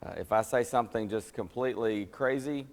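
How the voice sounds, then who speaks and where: Man, tired, chatty Bible class teacher, lowish voice, ringing hall reverb. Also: brisk. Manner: chatty, self-deprecating, laughs at his own stories. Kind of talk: casual storytelling before a Bible class. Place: church classroom.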